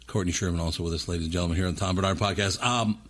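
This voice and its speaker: A man's voice: low voice, fairly even intonation, very fast, a bit bright, slight background noise. A man from North Minneapolis hosting a casual podcast chat, telling stories with a wry, joking manner from his home basement studio. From North Minneapolis, USA. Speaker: podcast host.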